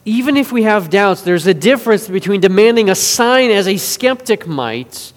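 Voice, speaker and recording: A man preaching a sermon in an earnest way, moving between forceful and hushed delivery. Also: sits high, expressive, normal speed, hardly any pauses. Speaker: pastor. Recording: long reverb of a large hall.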